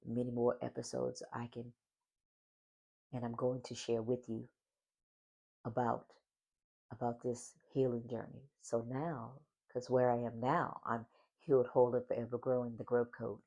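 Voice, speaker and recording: A man's voice: medium pitch, completely flat delivery, unhurried, vocal fry, long pauses, mellow, highs cut off. A man hosting a solo faith-based podcast, talking with a smile in his voice and repeating affirming phrases. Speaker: podcast host.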